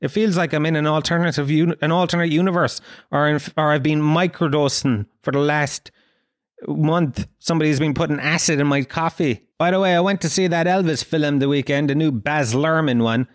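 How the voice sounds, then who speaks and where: A man hosts a comedy podcast, delivering a loose, profane monologue that pokes fun at himself. His voice sits somewhat high. The sound is dry, with almost no room echo. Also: steady tone, a little fast. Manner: profane, self-mocking ranting. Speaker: podcast host.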